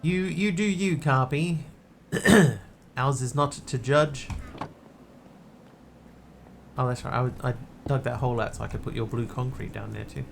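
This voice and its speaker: A man's voice: medium pitch, moderate pace, gravelly, slight background noise. A man streaming a game, chatting casually in a rambling, wry way. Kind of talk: casual gameplay chat.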